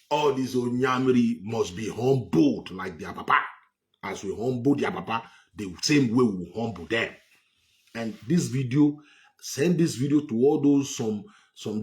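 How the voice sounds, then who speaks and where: A man with a Nigerian English accent giving a heated political monologue, repeating himself for emphasis. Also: lowish voice. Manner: repetitive, emphatic, scornful. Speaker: political commentator.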